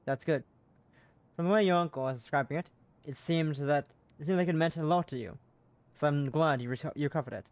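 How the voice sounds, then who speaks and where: Polite, even-toned detective questioning a witness, voiced by a streamer. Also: medium pitch, brisk, no room sound, lightly acted. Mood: inquiring. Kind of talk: reading a game character aloud.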